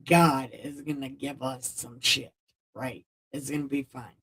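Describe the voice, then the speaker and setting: A woman's voice: very deep voice, steady tone, measured pace, fairly bright tone, breathy edge, pitched below the performer's own voice, heavily acted. A woman voicing Abraham as an evasive father who waves off his son's worries. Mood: reassuring.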